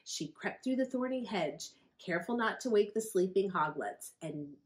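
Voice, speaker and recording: A woman, a children's librarian, reading a picture book aloud to children in a friendly, expressive storytelling manner. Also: mid-range voice, moderate pace.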